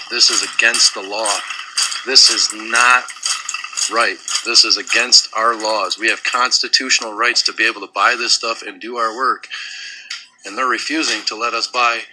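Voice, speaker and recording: A man's voice: medium pitch, moderate pace, pushed and bright, a little hiss or hum, poor audio. A man filming himself inside a store on a phone, ranting furiously and sarcastically, swearing often. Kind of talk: angry ranting phone video.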